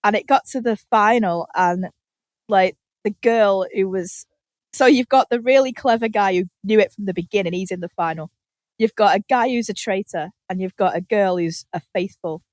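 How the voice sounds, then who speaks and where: A woman co-hosting a podcast in casual chat, telling rambling, animated stories and acting out the quotes. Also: medium pitch, moderate pace, no room sound. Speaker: podcast co-host. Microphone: podcast microphone.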